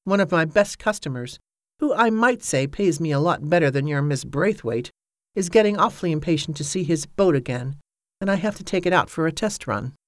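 A man's voice: on the high side, lively intonation, a little fast, no room sound, clean studio sound, lightly acted. A reader voicing Joshua, a reticent boatman who talks plainly and mumbles. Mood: wry. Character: gruff, reticent boatman, older man.

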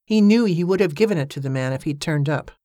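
Measured audiobook narrator, dry booth. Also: medium pitch, no room sound. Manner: even, measured reading with lightly acted voices.

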